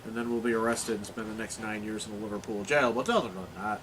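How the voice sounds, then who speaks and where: A man's voice: mid-range voice, fast, hardly any pauses, fairly bright tone, recorded from a distance, a little hiss or hum. A man hosting a casual beer review, joking and goading his friends in playful banter. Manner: playful, teasing, repeats himself to goad others.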